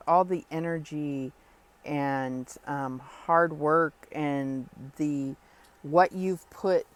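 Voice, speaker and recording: A woman giving a spoken tarot reading, talking earnestly and reassuringly straight to the listener, with pauses and fillers as she thinks. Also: low voice, darkish tone. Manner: thoughtful with frequent pauses and fillers. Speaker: tarot reader.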